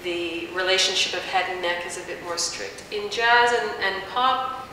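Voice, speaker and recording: A woman singing teacher calmly explaining vocal technique in plain words, with fillers. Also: medium pitch, normal speed. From Canada. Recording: echoey room, mic at a distance, faint hiss.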